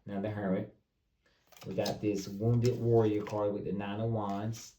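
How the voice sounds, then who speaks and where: A man's voice: on the low side, flat delivery, a little slow, mellow. A man giving a casual tarot reading, speaking loosely and straight to his viewers, often repeating himself. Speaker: tarot reader. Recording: roomy, distant mic with faint noise.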